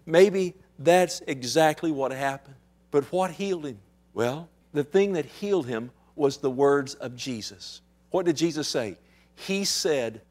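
A pastor preaching a sermon in a somewhat high male voice. He swings between loud declarations and hushed, intense moments and keeps asking his congregation rhetorical questions. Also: animated, normal speed.

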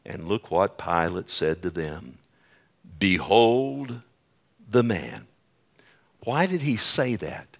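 Man preaching a dramatic sermon, lowish voice. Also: very animated. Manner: dramatic, swings between loud emphasis and hushed slow lines; asks the congregation for responses.

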